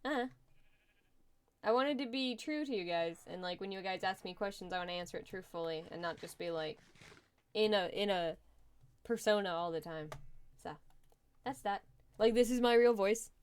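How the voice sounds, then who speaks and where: A woman's voice: mid-range voice, normal speed, pauses often, clear, resonant tone. A young adult woman chatting casually on a live gaming stream, laughing often and thinking aloud while she plays.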